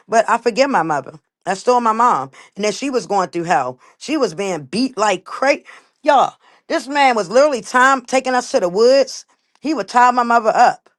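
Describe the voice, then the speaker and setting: A woman hosts her own livestream and talks straight at her viewers in a heated rant. She is blunt, swears freely and stresses her points hard. Her voice sits at an ordinary middle pitch. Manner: blunt, profane and emphatic. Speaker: livestream host.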